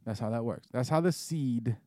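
A man's voice: mid-range voice, normal speed, a little mellow, no room sound, studio quality. Teasing, laughing male podcast co-host. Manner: teasing, laughing, playful needling. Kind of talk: casual chat.

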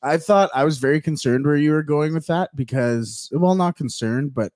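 A man's voice: on the high side, normal speed, a little mellow, no room sound. A man co-hosting a podcast in casual chat, laughing often and playful. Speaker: podcast co-host.

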